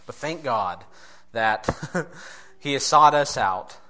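Bright-toned preacher, earnest and questioning. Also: male voice, mid-range voice, expressive, takes it slowly. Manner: earnest, questioning the listeners, with occasional chuckles. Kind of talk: sermon.

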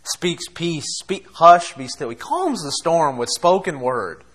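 Man, preacher, impassioned sermon, fairly high voice, loud and soft turns. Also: big pitch swings, slow, breathy edge. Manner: impassioned, acts out quoted voices, laughs between points.

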